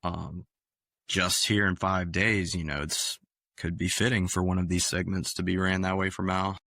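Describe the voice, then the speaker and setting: Low-pitched male sports co-host, measured and halting, crisp dry mic. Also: little pitch movement, pushed and bright, no echo. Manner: measured, hesitant, many fillers. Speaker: podcast co-host. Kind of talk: casual sports chat.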